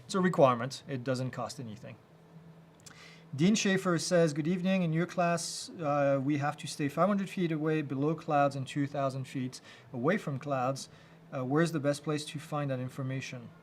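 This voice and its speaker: Casual, halting man answering live questions. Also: on the high side, a little hiss or hum. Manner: casual, halting, many fillers and restarts. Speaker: host answering viewer questions. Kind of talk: live Q&A chat.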